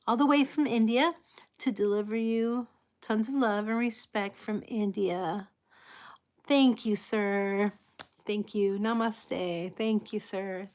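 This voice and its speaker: Slow, soft-spoken woman chatting on a livestream. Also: medium pitch. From United States. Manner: soft-spoken, apologetic, chatty, laughs often. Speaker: livestream host. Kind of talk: casual live chat with viewers.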